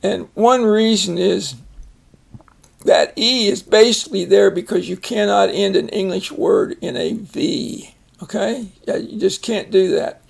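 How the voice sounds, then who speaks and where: An older man teaching a phonics lesson, explaining each word slowly and patiently. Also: high voice, creaky, husky. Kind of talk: casual reading lesson.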